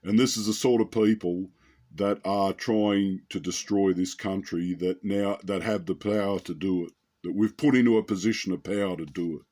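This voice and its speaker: Heated Australian man, lowish voice. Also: fairly even intonation, normal speed, mellow. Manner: heated, rambling, keeps asking "right?" and saying "mate". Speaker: commentator. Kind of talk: unscripted commentary monologue.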